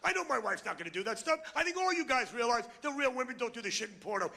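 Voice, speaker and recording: A man's voice: very high-pitched, very animated, fast, creaky, few pauses, bright, forceful tone, big-room sound, a little hiss or hum. A middle-aged man doing a stand-up routine, ranting and insulting the crowd in a brash manner on a club stage. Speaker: stand-up comedian. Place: comedy club before a live crowd.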